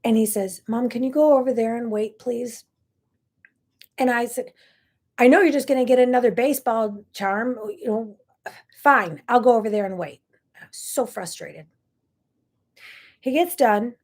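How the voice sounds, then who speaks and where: A woman's voice: a little high, moderate pace, pauses often, darkish tone. A middle-aged woman hosting a talk show, telling a personal story in an earnest, emotional way with many asides. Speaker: host.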